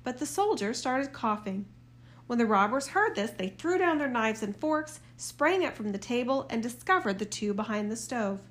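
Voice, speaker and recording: A woman's voice: on the high side, lively intonation, moderate pace, a bit bright. A woman narrating a fairy tale aloud, giving light voices to its characters. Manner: reads all parts with mild shifts for the characters. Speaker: storyteller.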